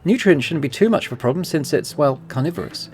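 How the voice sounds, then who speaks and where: A man's voice: fairly high pitch, lively intonation, quick pace, a little mellow, pitched above the performer's own voice, lightly acted. A man reading out a young student's game dialogue in a raised, upbeat voice, chatty and persuasive. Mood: eager. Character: eager young plant-science student.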